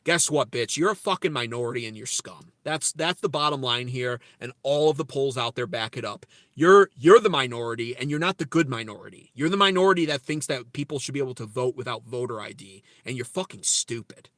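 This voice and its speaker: A man's voice: mid-range voice, lively intonation, fairly quick, hardly any pauses, a bit bright, no room sound, clean studio sound. Brash, profane man ranting to chat. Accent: American. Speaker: political livestream host. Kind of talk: livestream commentary reading chat. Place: inside a car.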